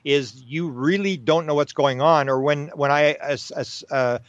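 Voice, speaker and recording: A man talking as a guest in an interview, with a voice pitched slightly high. He talks in a lively, stop-start way, full of fillers and restarts. The recording is dry and a little dull. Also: unhurried, no echo. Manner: animated, repeats himself, many fillers and restarts. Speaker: podcast guest. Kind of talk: casual interview talk.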